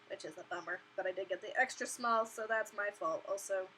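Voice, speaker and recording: A woman's voice: medium pitch, quick pace, hardly any pauses, sharp tone, slight background noise, low-quality recording. A young woman hosting a casual live stream from her bedroom, chatty and giggly, talking through her webcam mic. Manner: chatty, giggly, acts out voices of others in quotes.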